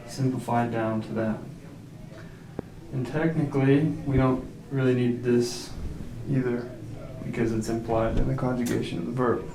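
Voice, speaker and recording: A man's voice: mid-range voice, flat delivery, normal speed. Man tutoring Spanish, distant and echoey. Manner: patient, checks often with "okay?". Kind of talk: explaining grammar at a whiteboard. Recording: echoey room, voice from a distance, background noise.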